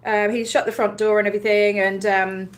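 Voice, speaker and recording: A woman casually telling a story on a livestream, animated, laughing often, with many ums and likes as she acts out what others said. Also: mid-range voice, fairly quick. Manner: acts out other people's lines while retelling. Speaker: livestream host recounting a protest.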